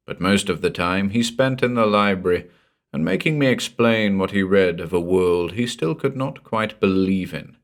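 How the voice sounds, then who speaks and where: A man with a deep, low-pitched voice reads a horror tale aloud. His storytelling is measured and unhurried, with dramatic pauses between phrases. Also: fairly bright tone. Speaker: narrator. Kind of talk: scripted horror audiobook narration.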